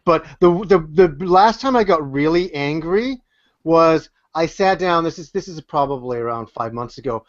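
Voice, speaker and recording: A man's voice: on the high side, dry recording. A Canadian man talking on a casual podcast, joking and rambling with lots of fillers and restarts. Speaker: YouTuber and podcast guest. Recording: muffled, lo-fi podcast audio.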